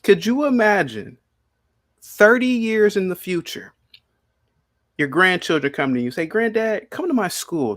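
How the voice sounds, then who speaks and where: A man's voice: high voice, no echo. Argumentative man, dry close mic. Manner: argumentative, repeats questions insistently. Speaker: podcast host. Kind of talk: heated debate. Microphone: studio microphone.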